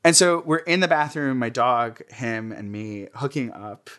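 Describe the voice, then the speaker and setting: A man's voice: mid-range voice, a little slow, a bit bright, clean tone. A young man being interviewed, telling candid personal stories in a chatty way, with many fillers and frequent laughter.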